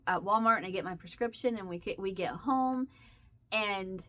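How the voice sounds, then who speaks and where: A woman with a bright, forceful voice tells a story in casual vlog chat. She rambles along in an animated way, circling back and starting sentences over. Her voice sits at an ordinary middle pitch. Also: normal speed. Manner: rambling and animated, with restarts and laughs. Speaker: crochet vlogger.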